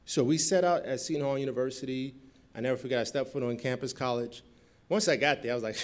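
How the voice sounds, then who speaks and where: A man's voice: medium pitch, quick pace. A middle-aged man from Newark giving a storytelling talk at a convention, acting out the voices in his story. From Newark, New Jersey. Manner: animated storyteller acting out quoted dialogue. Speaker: guest speaker. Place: convention hall.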